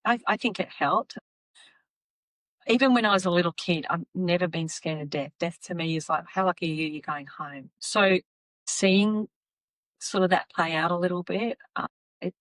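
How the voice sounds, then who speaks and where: A woman's voice: fairly low pitch, moderate pace, no echo, rough recording. A woman telling stories as a podcast guest, acting out the voices of people in them. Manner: animated, acts out voices in her stories. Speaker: podcast guest, psychic medium. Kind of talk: casual storytelling.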